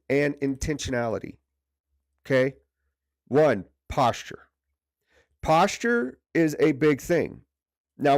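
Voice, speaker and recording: A man's voice: medium pitch, darkish tone, dry recording, clean studio sound. A man leading a livestream leadership training session, speaking conversationally and repeating words for emphasis. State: stiff neck from poor sleep. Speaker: leadership coach.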